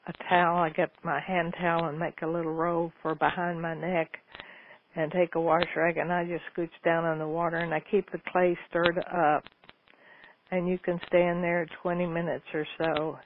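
Woman radio host, folksy rambling, flat tone, tinny phone-like sound. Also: lowish voice, normal speed. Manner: homey, folksy, meandering with many ums. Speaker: radio show host answering listener questions. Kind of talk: casual call-in advice talk. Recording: phone-like lo-fi radio with faint noise.

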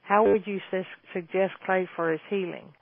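A woman's voice: mid-range voice, steady tone, moderate pace, vocal fry, slightly rough, no echo. A woman in her seventies hosting a call-in question and answer show, chatting in a folksy, enthusiastic way. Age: 70s. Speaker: host answering listener questions. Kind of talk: call-in Q&A chat. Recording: dry, tinny phone-line sound.

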